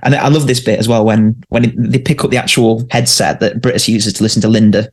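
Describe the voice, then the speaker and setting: A man's voice: fairly low pitch, steady tone, fairly quick. Chatty man, enthusiastic podcaster. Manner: enthusiastic, laughs between points. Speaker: podcast co-host. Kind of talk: casual chat.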